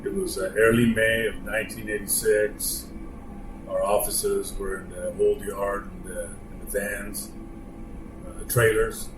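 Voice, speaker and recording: Man, low register, halting plainspoken storyteller; echoey room with loud air-conditioning hum. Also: level tone. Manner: plainspoken, halting with frequent pauses. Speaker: longtime company employee sharing stories. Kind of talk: casual storytelling.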